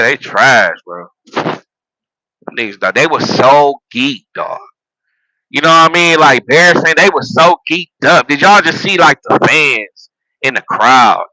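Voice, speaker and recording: A man on a loose, profane football rant, full of laughs and restarts. His voice is bright and forceful, and it sits dry and close with no room sound. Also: mid-range voice, no echo, poor audio. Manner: animated, profane, laughs at his own jokes; repeats phrases and restarts while building a point. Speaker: sports vlogger and football fan. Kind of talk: casual sports rant.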